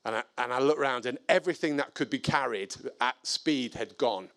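A man telling a personal story in an animated, self-deprecating way. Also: mid-range voice, normal speed, gravelly. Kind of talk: storytelling talk.

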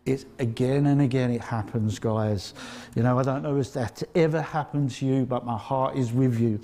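A man's voice: medium pitch, fairly even intonation, normal speed, warm tone. A man with an Essex accent preaching a sermon in a conversational, emphatic way, often checking in with his listeners. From Essex, England.

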